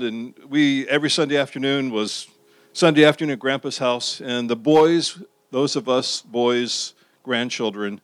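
A middle-aged pastor preaching a sermon in a conversational way, asking the audience questions and repeating phrases for emphasis. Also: male voice, fairly high pitch, dry recording.

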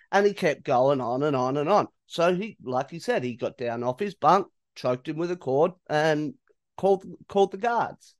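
A man's voice: high voice, lively intonation, moderate pace. A man co-hosting a casual podcast, retelling a story and asking questions with casual swearing. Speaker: podcast co-host.

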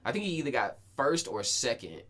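This is a podcast host in his twenties, chatting casually with a friend. His voice sits at an ordinary male pitch. His talk is slangy and profane, with lots of quick restarts. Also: big pitch swings, fairly bright tone. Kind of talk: casual chat.

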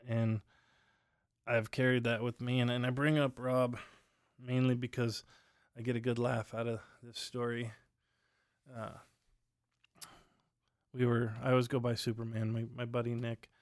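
Guy rambling on his podcast at night, monotone, dry close sound, lots of uh and you know. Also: mid-range voice, a little slow, pauses often, dry recording. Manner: rambling storytelling with many fillers. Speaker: podcast host. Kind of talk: casual solo chat. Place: at home at night.

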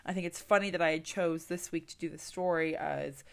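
A woman's voice: sits low, fairly even intonation, moderate pace, creaky. A young woman hosting a podcast, chatting casually and rambling with lots of fillers. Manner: chatty and rambling, many fillers, laughs at herself. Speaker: podcast host.

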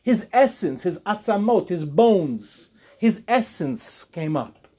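A man in his forties, a rabbi giving an animated Torah class to young women in a classroom, acting out quoted voices with humor. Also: high-pitched, slow pace, husky. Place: classroom before an audience.

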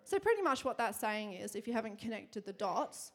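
A young woman giving a sermon to a congregation, telling a personal story in a chatty, quick way with lots of fillers and frequent laughter. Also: medium pitch, big pitch swings. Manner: chatty, fast, laughing often, many fillers. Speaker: church speaker.

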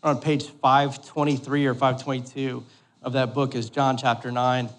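A pastor in his thirties gives a sermon in a church hall at normal speed, his mid-range voice level in tone. He keeps things light with jokes and a conversational manner, frequently asking the congregation "all right?"

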